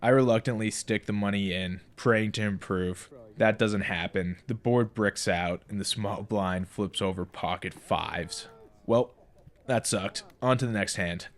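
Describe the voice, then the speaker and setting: Man narrating his poker vlog, lowish voice, blunt and irritated. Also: a little slow. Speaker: poker vlogger. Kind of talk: scripted vlog voice-over.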